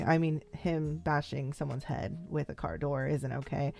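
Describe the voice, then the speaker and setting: This young woman vlogs a casual first-time reaction to a TV series, rambling with lots of fillers like "um" and "like" and acting out lines from the characters for fun. Her voice is deep, gravelly and a little mellow, a little slow, with fairly even intonation.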